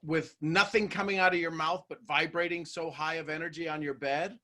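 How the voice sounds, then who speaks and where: A man with a fairly high voice gives a motivational talk over a video call. He sounds animated and jokey, restarting lines as he goes. The sound is dry and close. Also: a little fast, no echo. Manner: animated and joking, with frequent restarts. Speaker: host of a motivational live show. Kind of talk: motivational talk to a live online audience.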